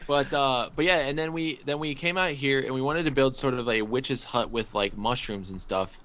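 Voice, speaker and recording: A man's voice: mid-range voice, normal speed, a bit bright, a little hiss or hum. A young man hosting a casual behind-the-scenes chat, rambling and friendly as he thanks his viewers. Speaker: series host.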